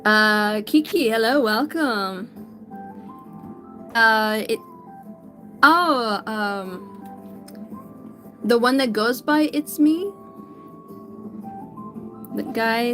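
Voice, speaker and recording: A woman's voice: fairly high pitch, very slow, pauses often, fairly bright tone, faint music behind. A woman artist chatting casually on a livestream while she draws, greeting viewers by name in an upbeat, chatty way. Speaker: digital artist streamer.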